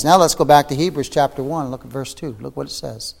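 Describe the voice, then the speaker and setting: A man preaching a fervent sermon, reading scripture aloud, his voice climbing high and then falling to near-whispers. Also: steady tone, fast talker, gravelly, few pauses, in a large hall. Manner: fervent preaching, soaring then dropping to a hush.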